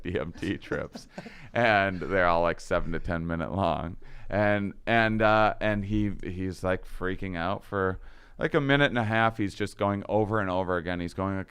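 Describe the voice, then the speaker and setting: A man's voice: low-pitched, a little slow, fairly bright tone, smooth. A man telling a long story in casual conversation, acting out quoted lines and laughing often. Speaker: podcast guest.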